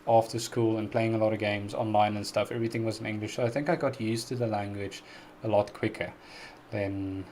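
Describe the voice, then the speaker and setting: A man's voice: on the low side, steady tone, a little fast, a little mellow, a little hiss or hum. A young man with an Afrikaans accent, native Afrikaans speaker, hosting a live stream Q&A, friendly and chatty with frequent laughs and fillers. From South Africa. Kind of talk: casual live-stream Q&A chat.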